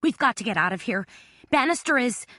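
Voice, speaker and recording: A woman's voice: on the high side, lively intonation, brisk, sharp tone, no room sound, clean studio sound, voice pushed up. A woman voicing a desperate heroine who cries out frantically and pleads, in a storybook reading. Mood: frantic. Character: desperate woman amateur sleuth.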